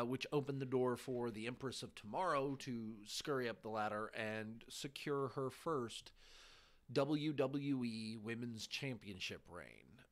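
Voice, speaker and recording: A man hosting a podcast, giving a casual recap of a televised show in a halting way, pausing between short phrases. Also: mid-range voice, fairly bright tone. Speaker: podcast host.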